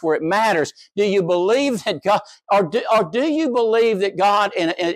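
A pastor delivers his sermon in a fairly high voice. He swings between quiet, wry asides and raised, animated exclamations. The sound is dry and close, with no room echo.

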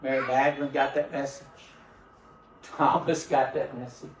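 A man's voice: mid-range voice, little pitch movement, moderate pace, slight background noise. A man pastor preaching a sermon with call-and-response and fervent prayer, heard in a church. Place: church sanctuary. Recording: roomy church sound from a distant mic.

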